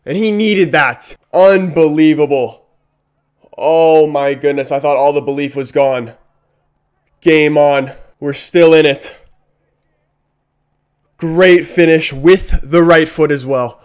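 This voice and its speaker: A young man filming himself reacting live to a football match, muttering one moment and shouting and swearing the next. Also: fairly high pitch, measured pace, long pauses, clear, resonant tone.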